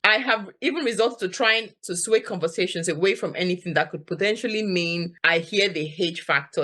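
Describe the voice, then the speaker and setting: A woman's voice: lowish voice, normal speed, few pauses, bright, forceful tone. A woman hosting a talk show, reading out a viewer's letter and chatting, amused and apologetic about her laughter.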